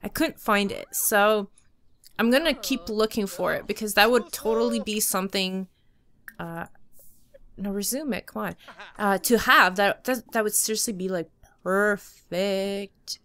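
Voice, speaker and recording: A woman's voice: mid-range voice, unhurried, fairly bright tone. A young woman giving casual gameplay commentary, chatty, talking to and scolding the game characters as she plays. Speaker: let's play host.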